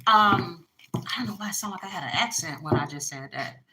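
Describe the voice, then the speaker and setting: A woman's voice: lowish voice, lively intonation, a little fast, a crowd in the background, rough recording. A woman, chatting bluntly and casually through a tarot reading for her viewers. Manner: chatty, blunt, frequent fillers. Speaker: tarot reader.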